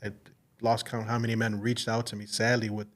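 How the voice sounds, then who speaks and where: A business owner who runs an insurance agency appears as a podcast guest, telling personal stories in a casual interview. He's earnest and faith-driven, full of fillers and restarts, with a fairly low voice delivered completely flat at a fairly quick pace through a studio mic.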